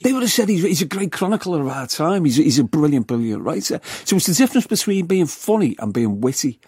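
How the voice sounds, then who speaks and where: Brief: Scouse male guest, husky voice, animated storytelling, dry studio. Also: on the high side, fast talker, no room sound. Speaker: writer and radio guest. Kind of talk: radio studio discussion.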